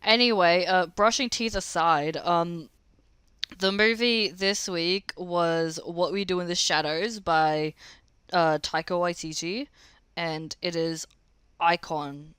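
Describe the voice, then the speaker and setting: A woman's voice: lowish voice, slow, a bit bright, clean tone, no room sound. A young woman from Australia, co-hosting a casual podcast chat and laughing often. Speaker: podcast co-host.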